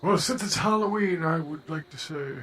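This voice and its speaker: A man hosting a podcast chat while voicing the masked villain Bane in a slow, creepy, theatrical way. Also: a little high, a bit bright, a little hiss or hum, natural voice. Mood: menacing. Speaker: host.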